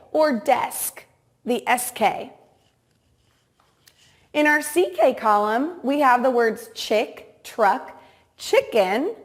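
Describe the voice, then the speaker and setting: A woman teacher giving a reading lesson to young children, pronouncing each word slowly and clearly and prompting them to repeat. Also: on the high side. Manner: slow, exaggerated word-by-word enunciation with repeat-after-me prompts.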